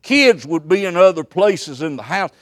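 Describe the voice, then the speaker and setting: A man preaching a revival sermon at a camp meeting, swinging between loud outbursts and hushed asides. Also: sits high, expressive, moderate pace.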